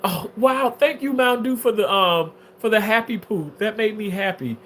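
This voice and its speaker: A livestreamer reading viewer comments in casual chat, drawling with many fillers and swinging into shrill, theatrical mock wailing. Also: normal speed, a bit bright, a little hiss or hum. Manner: drawling, filler-heavy talk. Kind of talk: casual live-stream chat.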